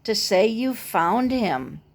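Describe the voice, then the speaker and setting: A woman voicing a calm, protective mother who speaks in a steady, cautioning way in a storybook reading. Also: mid-range voice, slow, exaggerated voice. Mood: firm.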